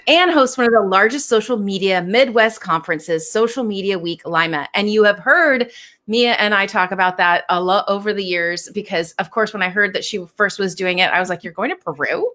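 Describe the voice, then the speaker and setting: A woman's voice: medium pitch, a little fast, fairly bright tone. A woman hosting a live-streamed interview chat, bubbly and effusive, laughing often. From United States. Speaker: host.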